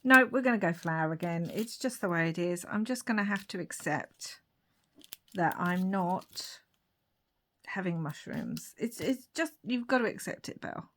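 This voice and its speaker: A young woman chatting casually to her viewers while she crafts, laughing often and dropping into soft whispered asides. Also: lowish voice, big pitch swings, normal speed. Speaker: craft vlogger.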